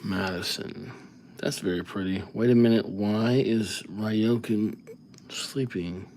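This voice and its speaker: A man's voice: lowish voice, slow, a little mellow, slight background noise. A man hosting a live calligraphy stream, chatting casually and rambling as he thinks aloud between names. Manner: rambling, easygoing, thinks aloud while writing. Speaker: livestream calligraphy host.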